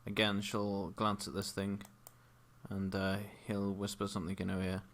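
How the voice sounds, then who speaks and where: A man narrating a tabletop game as game master, with a measured delivery and frequent ums and uhs. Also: fairly low pitch, completely flat delivery, a bit bright.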